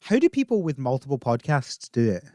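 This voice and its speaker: A man's voice: medium pitch, big pitch swings, a little fast, mellow. A man co-hosting a podcast with a dry, wry way of talking. He is close to the mic in a dead, dry room with no echo at all. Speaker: podcast co-host. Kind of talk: casual podcast chat.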